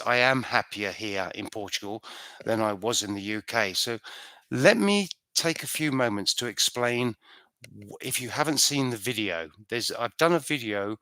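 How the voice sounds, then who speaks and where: Chatty man with a bright, forceful voice. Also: lowish voice, animated, measured pace, no echo, clean studio sound. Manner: chatty and rambling, restarts sentences often. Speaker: vlogger answering viewer questions. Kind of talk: casual live stream Q&A.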